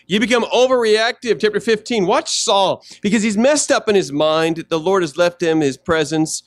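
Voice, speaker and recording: A man's voice: sits high, dry recording. A male pastor preaching a sermon in a conversational way, often asking the congregation questions.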